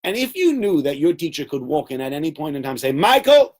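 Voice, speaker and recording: Man, Torah teacher, classroom lesson, animated storytelling, fairly high voice. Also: fast. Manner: animated storytelling, acting out quotes.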